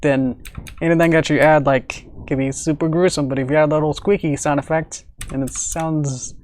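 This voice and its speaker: A man's voice: a little high, fairly even intonation, moderate pace. A man who animates, chatting casually on a live stream about his work. He rambles, uses many fillers and laughs often. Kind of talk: casual livestream chat.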